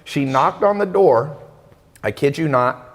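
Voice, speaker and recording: Animated man telling a story. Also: fairly high pitch, measured pace, long reverb tail. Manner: animated, acts out quoted voices. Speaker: podcast host. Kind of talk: storytelling in casual chat.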